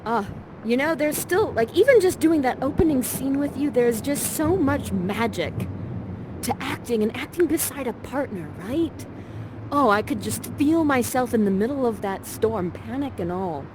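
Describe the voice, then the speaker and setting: A woman's voice: high voice, animated, normal speed. Chatty, encouraging woman with street noise. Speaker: actor and guide of a live virtual theater session. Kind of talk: interactive theater hosting. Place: ground-floor rental with door open, in summer heat. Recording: street noise through open door.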